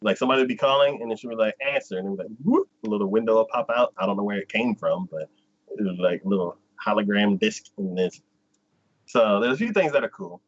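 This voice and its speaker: A man's voice: on the low side, fast, highs cut off. A man co-hosting a casual chat, recapping a plot in a rambling way full of "like" and "um". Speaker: co-host.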